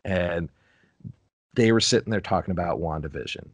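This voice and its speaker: A man's voice: low voice, moderate pace, no echo. A man co-hosting a podcast in casual chat, rambling, laughing often and wandering off on tangents. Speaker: podcast co-host.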